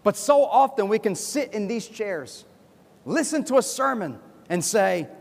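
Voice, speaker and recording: A man preaching a sermon as pastor, animated and acting out other people's voices. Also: sits high, a little slow, gravelly. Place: church sanctuary. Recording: long hall reverb from a church.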